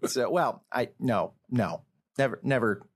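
A man's voice: mid-range voice, slightly rough. Earnest man co-hosting a faith podcast. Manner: earnest, talks in quick bursts with restarts. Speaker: podcast co-host. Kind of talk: casual faith discussion. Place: indoors at a wood table.

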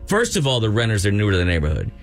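A man's voice: lowish voice, rapid-fire, faint music behind. A man co-hosting a talk show, telling a long funny story in casual chat and acting out the voices of the people in it. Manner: animated storyteller, acts out quoted voices. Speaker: radio show co-host.

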